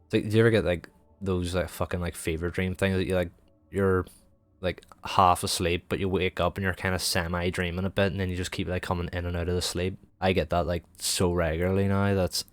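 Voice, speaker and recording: A man's voice: deep voice, flat delivery, a little fast, no echo. A young man streaming, chatting in a loose, rambling way, swearing freely and filling every gap with "like". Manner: sweary, rambling, heavy use of filler "like". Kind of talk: casual rambling chat.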